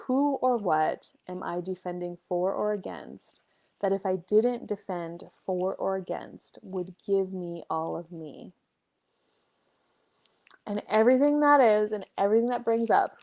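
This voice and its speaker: A woman in her thirties hosting a casual talk on parenting, telling a story and acting out the dialogue with lively shifts in voice. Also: medium pitch. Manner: animated storyteller, acts out dialogue. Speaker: host and life coach.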